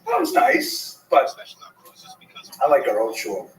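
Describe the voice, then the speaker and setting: A man's voice: mid-range voice, huge pitch swings, a little slow, slight background noise. A man voicing a stubborn middle-aged mother who dismisses anything new. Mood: dismissive. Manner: dismissive, set in her ways. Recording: roomy, far from the mic.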